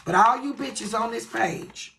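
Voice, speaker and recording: A woman's voice: a little high, unhurried, gravelly, fairly bright tone, a little hiss or hum, poor audio. A woman hosting her own livestream, ranting bluntly and with lots of profanity. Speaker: livestream host. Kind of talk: ranting live stream.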